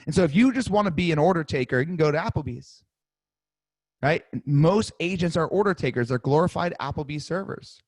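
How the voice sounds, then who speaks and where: A man coaching real estate agents in a live webinar, energetic and demonstrative, often acting out sales calls. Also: a little high, brisk, no echo, studio quality.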